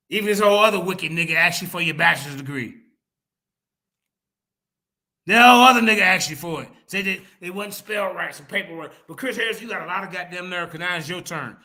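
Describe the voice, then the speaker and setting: On an online debate panel, a man angrily and profanely calls out a rival, hammering the same points again and again in a confrontational way. His voice is high-pitched, a little fast, pushed and bright.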